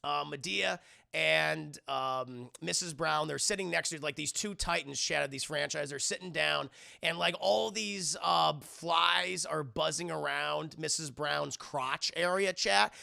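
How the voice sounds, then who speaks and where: Gravelly high-voiced male streamer. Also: a little slow. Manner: animated, profane, talks to chat. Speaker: streamer reviewing a movie. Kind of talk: casual live-stream movie recap.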